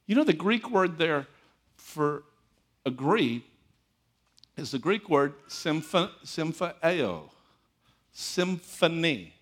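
A man preaching a sermon as pastor, telling stories and repeating phrases for emphasis, swinging between loud emphatic lines and quiet asides. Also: a little high, sing-song, slow pace, long pauses.

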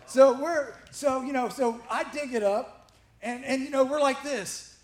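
A male pastor telling a funny story to his congregation as part of a sermon, animated and laughing as he goes. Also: very high voice, unhurried, roomy sound, slight background noise.

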